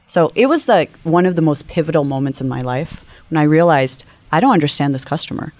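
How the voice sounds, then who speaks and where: A woman guest on an interview, telling a story in a lively, animated way at a quick clip. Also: deep voice, no room sound. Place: conference venue.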